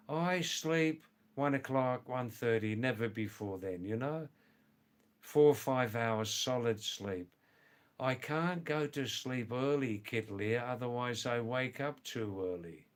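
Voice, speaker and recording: A slow, mid-range voice comes from an older man hosting a laid-back livestream where he reads viewer messages. He's from England and Australia, and he chats with viewers by name, teasing and repeating words for emphasis.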